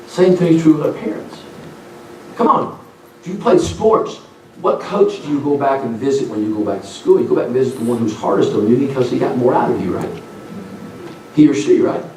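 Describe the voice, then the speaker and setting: Middle-aged preacher telling folksy stories, echoey church, mic far away. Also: male voice, mid-range voice, animated, brisk, darkish tone, a little hiss or hum. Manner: folksy storytelling, acts out voices. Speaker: revival preacher. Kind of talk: sermon. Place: church sanctuary. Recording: roomy church hall from a distant mic.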